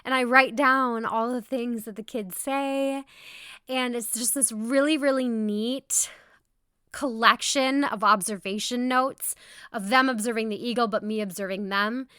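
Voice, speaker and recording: A woman's voice: fairly high pitch, fairly even intonation, measured pace, pushed and bright, smooth, no room sound, studio quality. A woman, a preschool teacher hosting a podcast, chatting enthusiastically and restarting her sentences often. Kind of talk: casual solo podcast talk.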